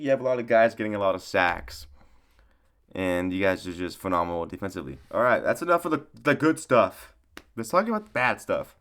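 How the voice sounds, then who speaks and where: Animated young man ranting about football. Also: on the low side, clean tone. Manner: swearing, rambling, self-correcting; excitable outbursts. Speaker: sports commentator. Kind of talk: casual solo sports commentary.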